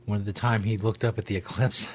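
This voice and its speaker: A man's voice: fairly low pitch, fairly even intonation, brisk. A male host chatting casually on his comedy show, wry and laid-back, with the odd swear.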